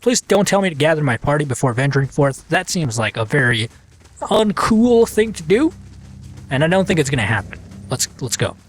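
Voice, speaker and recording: A man's voice: on the high side, sing-song, a little fast. A man hosting a let's play, chatting casually and playfully while he reads the game aloud. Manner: chatty, playful, self-mocking.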